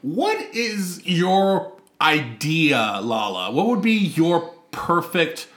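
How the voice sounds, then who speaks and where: A man's voice: on the high side, sing-song, very slow, a bit bright, reverberant. A man hosting a casual group chat, teasing his co-hosts, laughing often and steering the talk with questions. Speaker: podcast host.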